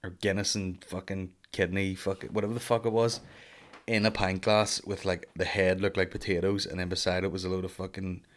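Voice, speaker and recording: Guy doing a sweary comedy podcast ramble, lowish voice, keeps it loose and jokey. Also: flat delivery, a little fast. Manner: jumps into loud high mock voices for bits. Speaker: podcast host, stand-up comedian. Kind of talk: casual comedic monologue.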